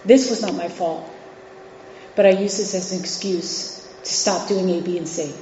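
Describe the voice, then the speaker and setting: At a meeting hall, a woman in her forties from New York City and Virginia offers a candid recovery share as the guest speaker, her conversational delivery full of fillers and restarts. Her voice is on the low side, mellow and steady, at a normal speed. The audio is echoey, dull, and lo-fi, with slight background noise.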